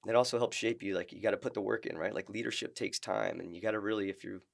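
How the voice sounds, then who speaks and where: A middle-aged man, a retired Marine, telling stories as a podcast guest in a halting, earnest way with many restarts. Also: lowish voice, fairly even intonation, creaky. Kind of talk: casual interview storytelling.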